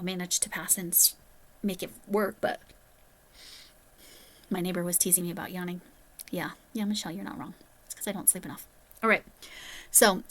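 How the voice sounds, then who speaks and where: A woman's voice: mid-range voice, sharp tone. A woman vlogging about crochet, telling a story in a chatty way with rambling, self-deprecating asides. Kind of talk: casual storytelling.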